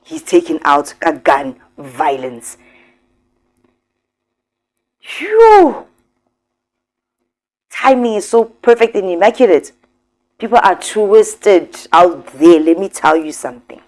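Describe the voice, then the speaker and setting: A woman's voice: lowish voice, lively intonation, a little slow, darkish tone. A woman hosting a commentary vlog, talking emphatically and straight to her viewers. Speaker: commentary host.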